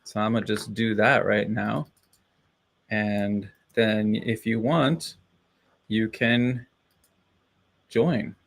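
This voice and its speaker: A man's voice: on the low side, fairly even intonation, drawn-out words, creaky, pauses often. A man chatting casually on a live stream, rambling and cheering himself on with frequent laughs. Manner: rambling, self-encouraging, laughs often.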